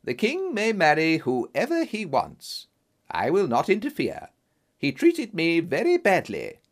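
Composed, clever woman, male reader, measured delivery, animated pitch. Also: heavily acted. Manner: measured letter reading. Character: clever cool-headed woman, an actress.

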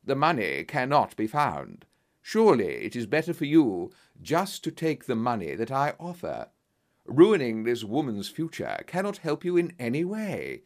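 A man's voice: mid-range voice, wildly swooping pitch, measured pace. Man reading as a firm, commanding Holmes. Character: firm, sharp-minded male detective. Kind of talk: storybook reading.

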